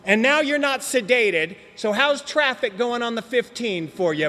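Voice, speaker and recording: A man's voice: very high-pitched, lively intonation, a little slow, sharp tone, slight background noise. A man telling his story at a recovery meeting in a joking, slangy way, talking straight to the audience. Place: meeting hall. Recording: long hall reverb.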